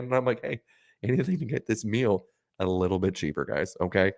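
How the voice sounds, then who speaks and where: A podcast co-host with a lowish voice talks quickly, telling a story in casual chat. He's an animated storyteller who swears and acts out the people and quotes in it.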